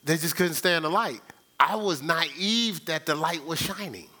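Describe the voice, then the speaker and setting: Older male pastor, fairly high voice, animated story-driven sermon, speaks straight to the pews. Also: measured pace. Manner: animated storytelling, sound effects and laughter; conversational, addresses the congregation directly.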